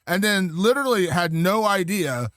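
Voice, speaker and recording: A man with a fairly high voice talks casually as a podcast guest. He rambles with enthusiasm, full of fillers and restarts. The sound is dry and close. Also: expressive, moderate pace, a bit bright, no room sound. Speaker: guest film critic.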